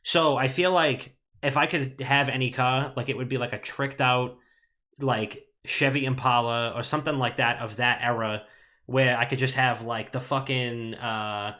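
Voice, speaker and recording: Animated, swearing male podcast host. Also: mid-range voice, normal speed. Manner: animated, swearing, rambling storyteller. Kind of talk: casual podcast chat.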